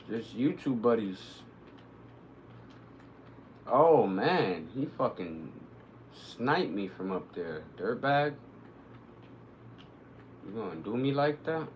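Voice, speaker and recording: Excitable cursing male game streamer. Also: medium pitch, slow pace, long pauses, lo-fi sound, slight background noise. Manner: excitable, swearing, shouting reactions to the game. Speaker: live streamer. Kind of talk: live gameplay commentary.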